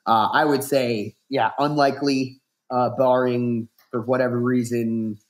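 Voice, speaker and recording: A man in his thirties, a fighter guest on a podcast, talking in a relaxed, rambling way full of fillers and restarts. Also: medium pitch, measured pace. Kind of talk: casual podcast interview.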